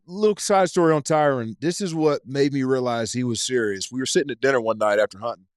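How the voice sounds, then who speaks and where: A man's voice: mid-range voice, quick pace, no echo, clean studio sound. A man from East Tennessee, a podcast guest telling stories in casual chat and swearing freely. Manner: profane, animated storyteller.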